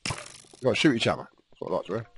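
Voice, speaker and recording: A man's voice: on the low side, sing-song, racing, fairly bright tone, a little hiss or hum. A man giving casual, chatty commentary while he plays a game, teasing the monsters as he goes. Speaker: let's play host.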